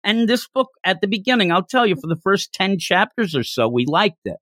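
A man's voice: high voice, sing-song, fairly quick, pushed and bright, no echo, studio quality. A man co-hosting a casual podcast about a manga, talking animatedly and acting out characters' lines in shifting voices. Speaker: podcast co-host.

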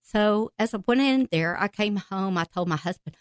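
A woman guest on a podcast telling her personal faith testimony with emotion, laughing and breaking into excited outbursts as she tells it. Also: mid-range voice, moderate pace, clean tone, no echo.

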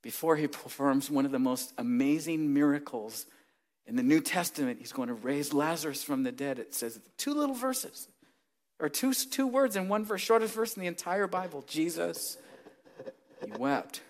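Male pastor with a high-pitched voice, earnest and emphatic sermon delivery, hushed to raised. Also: animated, moderate pace.

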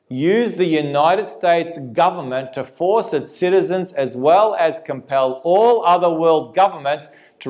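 Animated preacher, fairly high voice. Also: male voice. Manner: animated, asks the audience rhetorical questions. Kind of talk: prophecy sermon.

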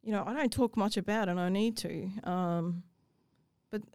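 A woman's voice: mid-range voice, normal speed, darkish tone, clean tone, no room sound, studio quality. A woman, telling a personal story in an interview, blunt and swearing freely. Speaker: guest.

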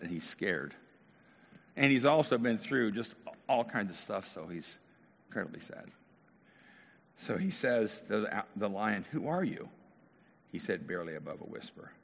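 Gravelly pastor preaching in a hall. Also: male voice, on the low side. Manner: animated, questioning. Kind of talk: sermon. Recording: long hall reverb.

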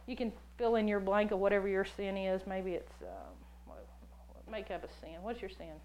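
A woman preaching a sermon, telling stories in an animated, jokey way and acting out the voices she quotes. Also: mid-range voice, normal speed, lo-fi sound, a little hiss or hum. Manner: jokey, laughs often.

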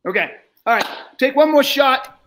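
A man's voice: expressive, normal speed, slight background noise. A man coaching a salesperson in a live role-play, blunt and profane, lecturing and often raising his voice. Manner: often shouts, then drops low.

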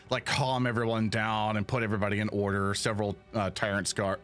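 A man narrating as game master of a tabletop game, deliberate and playful. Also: fairly low pitch, a bit bright.

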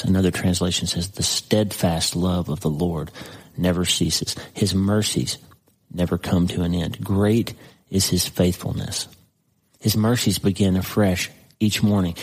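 A man preaching a sermon, reading scripture aloud slowly with dramatic pauses and breaking into conversational asides to the listener. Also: low-pitched, darkish tone, husky, low-quality recording.

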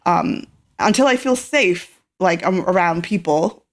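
A middle-aged Irish woman with a lowish voice, speaking as an interview guest. She talks reflectively, circling back with fillers and restarts as she gathers her thoughts. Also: expressive, a little slow. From Ireland. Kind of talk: casual conversational interview.

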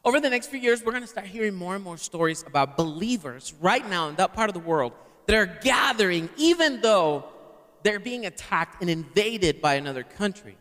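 A man's voice: sits high, lively intonation, fairly quick, a bit bright. A man preaching a sermon to a live congregation and having them repeat words back. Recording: long hall reverb.

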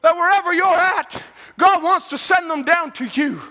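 A man preaching a fervent sermon in church, shouting praise and swinging between loud and soft. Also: extremely high pitch, moderate pace, in a large hall. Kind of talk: pentecostal sermon. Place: church sanctuary.

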